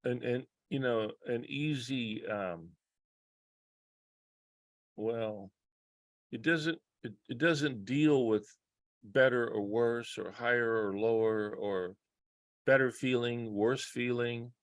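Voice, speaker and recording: A man talks slowly and thoughtfully at a middle pitch, stopping often and starting his sentences over. He sounds earnest and careful. The sound is close and dry, with no room echo. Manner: halting, many restarts and pauses, earnest. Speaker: psychologist guest. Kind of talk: reflective conversation.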